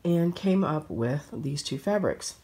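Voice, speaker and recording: A woman with a low voice chats to camera as a sewing vlogger. She is hoarse from a cold, and her friendly, rambling delivery is full of fillers and restarts. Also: animated, slow, mellow. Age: adult with children. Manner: chatty, with frequent fillers and restarts. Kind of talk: casual chat to camera.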